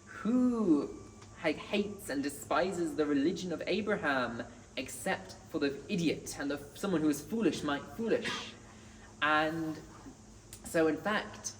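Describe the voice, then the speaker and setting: A man's voice: fairly high pitch, expressive, measured pace. A man giving an earnest Friday sermon in a mosque, reciting Arabic scripture between his points. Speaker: mosque preacher. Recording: echoey hall, distant mic, faint noise.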